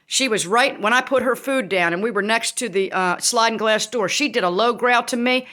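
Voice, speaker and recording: A woman ranting angrily and emphatically to her audience, swearing freely and breaking into sudden shouts. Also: on the high side, a little fast, hardly any pauses. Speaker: vlogger. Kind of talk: angry rant to camera.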